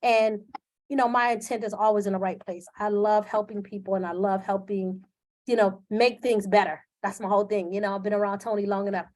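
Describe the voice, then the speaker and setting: With a brisk pace and a slightly mellow, medium-pitched voice, a woman hosts a live video through her computer's webcam. Her intonation stays fairly even while she speaks candidly, earnestly, and emotionally, leaning on frequent fillers.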